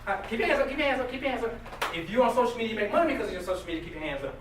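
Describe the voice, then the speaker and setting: Male motivational speaker, high and lively, far off mic in a roomy, noisy hall. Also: rapid-fire. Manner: animated, jokey, questions the crowd. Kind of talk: live motivational talk to an audience. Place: hall with a live audience. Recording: distant echoey room recording with noise.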